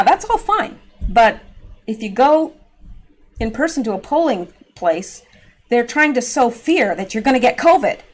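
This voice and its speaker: A woman hosting an opinionated political commentary vlog, talking in a sarcastic, mocking, exasperated way. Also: on the high side. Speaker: political commentary channel host.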